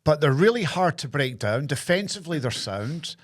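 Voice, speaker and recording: A man's voice: on the high side, sing-song, moderate pace. A Scottish man co-hosting a football podcast, talking things through in a rambling, analytical way and often repeating words. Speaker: podcast co-host. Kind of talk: casual football chat.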